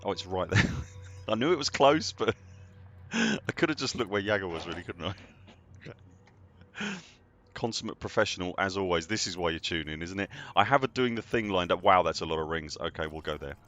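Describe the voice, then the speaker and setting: A man's voice: sits low, expressive, moderate pace, long pauses, a bit bright, faint music behind. A man chatting casually to viewers while streaming a space game, greeting them by name and joking at his own expense. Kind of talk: casual live-stream chat.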